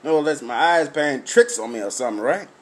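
Male podcast host, middle-aged, high voice, drinking, crude storyteller. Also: animated, a little fast. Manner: profane storytelling, loud cackling laughs. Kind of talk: raw casual monologue.

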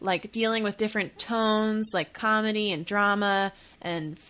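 A woman co-hosting a film podcast in casual chat, chatty and joking with quick asides. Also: mid-range voice, fairly even intonation, fairly bright tone. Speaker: podcast co-host.

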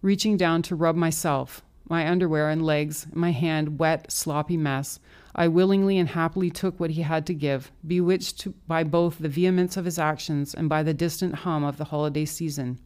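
A woman with a low, deep voice reads a first-person story in an audiobook. Her narration is calm, intimate and unhurried. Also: smooth.

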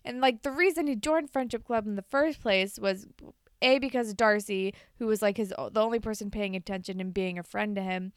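A young woman co-hosting a podcast recaps episode scenes in casual chat, acting out the lines with quoted voices and some swearing. Her mid-range voice is brisk and clean, captured in a dry, studio-quality recording.

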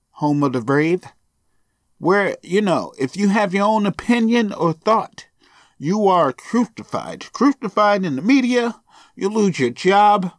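A man's voice: high voice, no room sound, clean studio sound. A man hosting a solo podcast, ranting sarcastically and swearing as he rambles. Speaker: podcast host.

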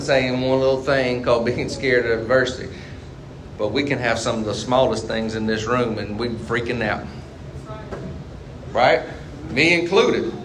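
High-voiced preaching pastor, dynamic swings. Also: male voice, slight background noise. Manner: preaching with call-and-response questions, sudden swings between loud and quiet. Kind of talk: sermon. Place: church sanctuary.

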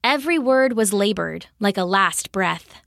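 A woman narrating a children's fantasy story in an expressive, measured way. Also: mid-range voice, gravelly, dry recording, studio quality.

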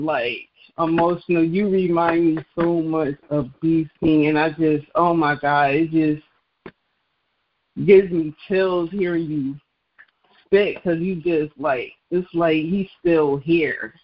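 A woman co-hosting an online radio show, who gushes in an excitable way in casual chat. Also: low-pitched, slow. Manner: gushing, excitable. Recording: dull lo-fi online radio stream.

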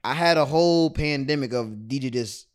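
A man's voice: medium pitch, normal speed. A young adult man from the United States talking in a blunt, laughing way during a casual podcast chat. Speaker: podcast co-host.

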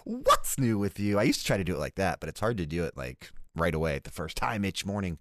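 A young man hosting a podcast in casual chat, upbeat and rambling, reeling off plugs quickly. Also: sits low, wildly swooping pitch, a bit bright, no echo, clean studio sound. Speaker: podcast host.

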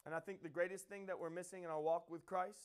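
A man preaching a sermon with passion, repeating phrases and building to loud emphatic peaks. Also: high-pitched, steady tone, quick pace, clear, resonant tone.

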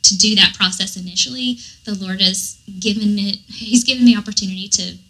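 This dietitian and recovery coach, a Southern American woman appearing as a guest, speaks at medium pitch and a slightly fast clip. Her storytelling in the casual interview is earnest and lively, packed with fillers, and the recording quality is low.

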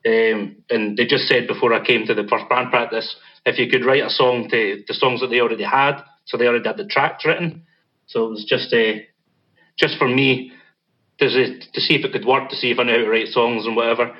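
A husky-voiced Scottish man, a band's singer, talks through a relaxed interview with easy pauses and fillers. His voice comes through a dull, lo-fi line. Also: medium pitch. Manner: relaxed, self-deprecating, hesitant fillers. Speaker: band vocalist. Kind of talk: casual interview chat.

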